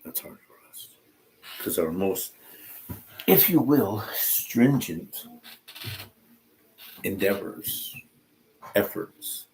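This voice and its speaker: A man's voice: sits low, animated, a little mellow, a little hiss or hum, rough recording. A man reading a Bible passage aloud, stopping often to add informal comments of his own. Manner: reads slowly and pauses to comment, informal asides. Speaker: Bible teacher.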